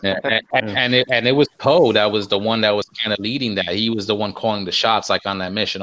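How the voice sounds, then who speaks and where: A man's voice: lowish voice, steady tone, fast, hardly any pauses, bright, forceful tone, a little hiss or hum, rough recording. A man on a podcast panel, chatting casually and enthusiastically, swearing now and then. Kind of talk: casual chat.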